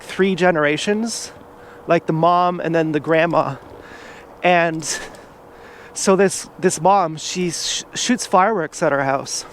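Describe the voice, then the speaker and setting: A man's voice: high voice, a little hiss or hum. A man vlogging outdoors from an e-bike, rambling in a casual monologue full of "like" and restarts.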